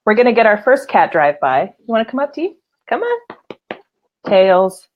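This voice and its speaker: A woman hosting a live online show, chatting casually, laughing often and giving warm shout-outs to viewers. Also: medium pitch, sing-song, moderate pace, muffled recording, slight background noise. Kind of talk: casual live-stream chat.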